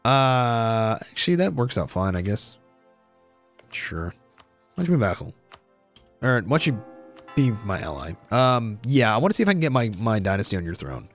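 A man's voice: medium pitch, big pitch swings, moderate pace, pauses often, faint music behind. A young man giving casual let's-play commentary on a strategy game, thinking aloud, repeating himself and saying "dude".

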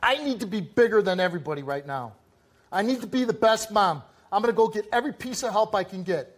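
Man, talk show host, high pitched voice, intense and forceful, repeats himself for emphasis, confrontational lecture, studio stage. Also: lively intonation, quick pace.

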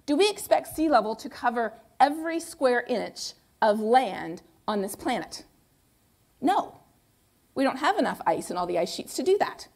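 A woman delivering a public lecture in a fairly high voice. She is conversational and emphatic, and she keeps posing rhetorical questions and then answering them herself. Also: big pitch swings, moderate pace, creaky, a little mellow. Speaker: guest lecturer.

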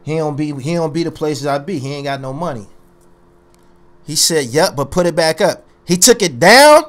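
A man's voice: fairly high pitch, expressive, normal speed, fairly bright tone. A man ranting on his own commentary channel, boastful and confrontational, hammering his points by repeating phrases. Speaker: YouTube commentary host.

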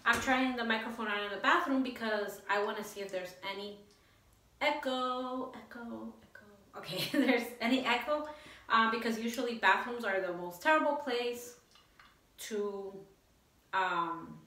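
A woman's voice: a little high, moderate pace, sharp tone, low-quality recording. Chatty, giggly woman testing a mic. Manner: chatty and giggly, with loose fillers. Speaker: vlogger reviewing a lapel microphone. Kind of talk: casual product-test vlog.

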